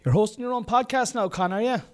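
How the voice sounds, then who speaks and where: A man's voice: high-pitched, fast, voice pushed up, natural voice. A man voicing a mocking, heckling version of himself, a middle-aged man who taunts him sarcastically. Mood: taunting.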